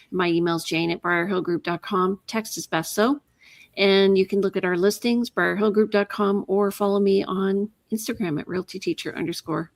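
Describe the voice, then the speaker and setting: A woman's voice: mid-range voice, no room sound, studio quality. Upbeat woman hosting a real estate show. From Canada. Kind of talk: casual radio-style chat.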